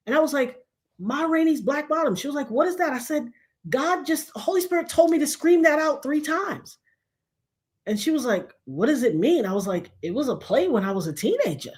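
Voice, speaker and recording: Woman, fifties, from New York; show host, casual dramatic storytelling, higher voice, loud bursts. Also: moderate pace. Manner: animated, dramatic retelling with loud outbursts.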